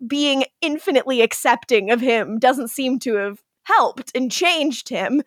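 A woman co-hosting a podcast, recapping a TV episode in animated, profane storytelling. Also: high-pitched, measured pace, dry recording, clean studio sound. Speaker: podcast co-host. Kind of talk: casual recap chat.

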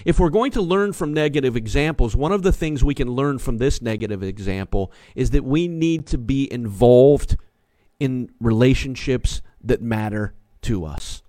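A man's voice: mid-range voice, mellow, no echo. A man preaching a sermon as pastor from a small studio, emphatic and repetitive, often calling out to his listeners. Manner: emphatic, repeats key phrases, calls on listeners.

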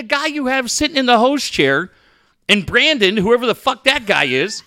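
A man tears into local sports radio in a high, bright, wildly swinging voice. He swears nonstop and keeps the rant boiling. The sound is dry and close. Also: very animated, moderate pace, dry recording. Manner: ranting, heated, swears constantly. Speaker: podcast co-host.

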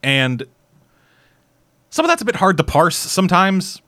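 A man's voice: sits high, wildly swooping pitch, a little slow, bright, forceful tone, no room sound, clean studio sound. A Canadian man casually reviewing a series in rambling, profane chat full of restarts. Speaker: podcast host reviewing a series.

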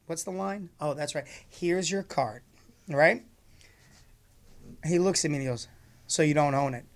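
A man's voice: fairly high pitch, measured pace. A man telling a funny story in casual conversation, acting out both sides of the exchange and laughing often as he talks.

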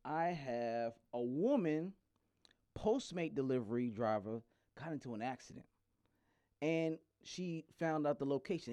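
A man's voice: mid-range voice, a little slow, clean tone, no echo. A man in casual comedic chat, telling stories with lots of swearing and laughter. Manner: profane, animated, laughing storyteller.

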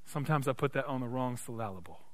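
A man preaching a sermon as pastor, passionate and emphatic, swinging from loud peaks to hushed, intimate passages. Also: mid-range voice, lively intonation, fast talker. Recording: long reverb of a large hall.

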